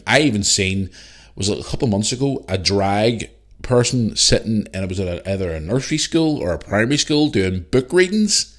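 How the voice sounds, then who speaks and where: Male podcast host, lowish voice, heated sweary solo rant. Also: lively intonation, fairly quick.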